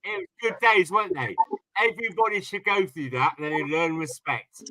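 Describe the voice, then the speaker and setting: A man's voice: on the high side, expressive, normal speed, a crowd in the background, rough recording. A man who cuts in with sweary banter.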